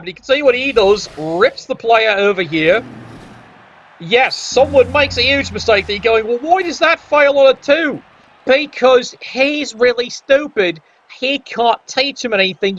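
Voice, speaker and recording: A man's voice: high voice, a bit bright. A man doing wry, sarcastic play-by-play commentary on a tabletop sports video game. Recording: dull lo-fi audio.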